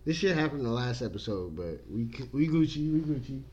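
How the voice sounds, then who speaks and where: A man's voice: mid-range voice, sing-song, fairly quick, muffled recording. A young man hosting a casual podcast, joking and swearing freely. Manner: profane, joking, loud bursts of laughter. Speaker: podcast host. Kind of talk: crude casual podcast chat.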